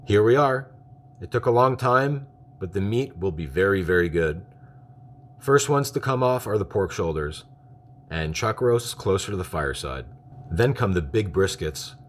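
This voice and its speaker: Deep-voiced man narrating a voice-over. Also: slight background noise. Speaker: voice-over narrator of a barbecue video.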